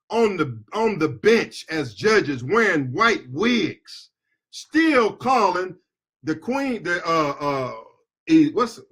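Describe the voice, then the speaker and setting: A middle-aged American man giving a fiery political speech as an attorney and activist, impassioned and shouting at peaks, with call-and-response chants. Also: high voice, breathy edge. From United States.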